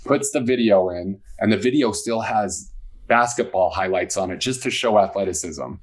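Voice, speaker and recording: Lower-voiced man telling a story. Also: normal speed. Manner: animated storyteller acting out quoted dialogue. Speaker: guest. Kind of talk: casual storytelling interview.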